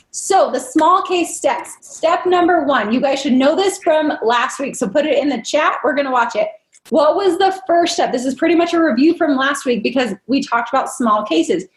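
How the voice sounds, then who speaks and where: A woman who trains dental practices runs a live, interactive online workshop, cheerfully quizzing and coaxing her audience. Her voice is high and sounds reverberant.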